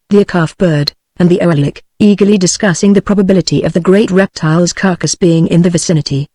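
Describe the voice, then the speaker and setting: A synthetic British English woman's voice narrating an old novel as an audiobook, with an even, steady delivery. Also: lowish voice, no echo.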